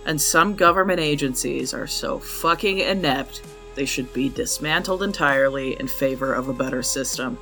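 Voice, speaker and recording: A man's voice: medium pitch, normal speed, creaky, bright, forceful tone, soft background music. A man hosting a true crime podcast, reading a scripted case with blunt, profane anger. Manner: blunt and profane, openly angry.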